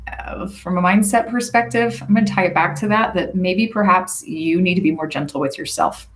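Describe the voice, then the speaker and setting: A woman with a fairly low voice gives a relaxed solo talk as a coach. She speaks reflectively and conversationally, asking the listener questions and often checking in with "right?" along the way. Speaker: leadership and career coach.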